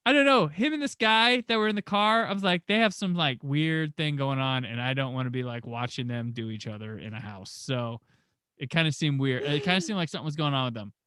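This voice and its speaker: A man's voice: mid-range voice, brisk, pushed and bright, clear, resonant tone, no echo, studio quality. A young man hosting a podcast, telling a story casually in a rambling, profane way with many restarts. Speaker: podcast host.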